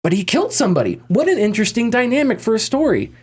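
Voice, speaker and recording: Animated man chatting on a podcast. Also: high-pitched, fast talker, slightly rough. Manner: animated, rambling, frequent restarts and laughs. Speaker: podcast host. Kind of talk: casual podcast chat.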